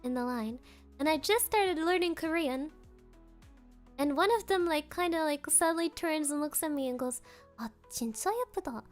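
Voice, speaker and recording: A woman's voice: high voice, normal speed, soft background music. A woman streamer chatting casually and reading chat aloud, giggling often.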